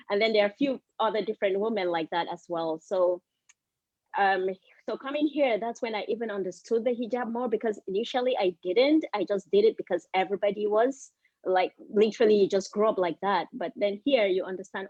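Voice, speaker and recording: A woman in her thirties with a Nigerian accent, talking easily as a panelist. Her speech is chatty and relaxed. The sound comes through a dry, dull video-call line with no room echo. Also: mid-range voice, brisk. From northern Nigeria. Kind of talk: casual discussion on a video call.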